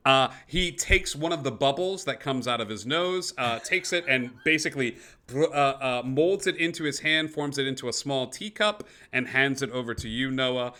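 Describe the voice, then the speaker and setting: A man's voice: mid-range voice, moderate pace, bright, forceful tone. A man narrating as game master of a tabletop game, in a loose way with many fillers.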